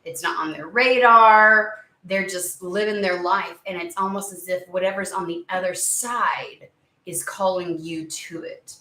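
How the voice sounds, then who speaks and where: A woman talking through a tarot reading in a loose, rambling way, circling around her words. Her voice is bright and clear-toned, set back from the mic in an echoey room. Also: lowish voice, fairly even intonation, unhurried, distant mic. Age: under 70. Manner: rambling, searching for words, many "like"s. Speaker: tarot reader. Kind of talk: casual spoken tarot reading.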